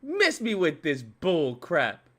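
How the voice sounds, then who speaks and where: A man giving ranting video commentary, profane and animated, repeating his points for emphasis. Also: fairly high pitch, slow pace. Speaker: YouTube commentator.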